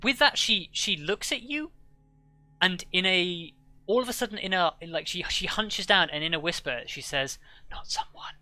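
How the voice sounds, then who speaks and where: A man running a tabletop game as game master, narrating haltingly with many restarts. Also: high voice, lively intonation, sharp tone, no room sound, faint music behind. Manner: halting, full of restarts and fillers.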